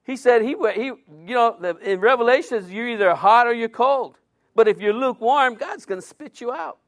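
A man's voice: very high voice, moderate pace, fairly bright tone. A middle-aged male preacher giving a conversational sermon, full of rhetorical questions and joking asides.

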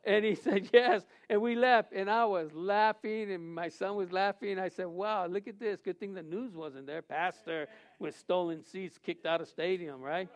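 A man's voice: high-pitched, a little slow, few pauses, lo-fi sound. A man who is a pastor, preaching a sermon and telling a funny personal story, acting out the dialogue and laughing often.

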